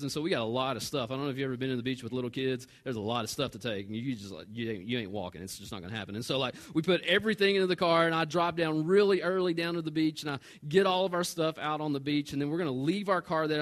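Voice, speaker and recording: A man, a pastor telling a personal story in a relaxed, self-mocking sermon. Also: a little high. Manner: conversational and self-mocking, with animated retold dialogue.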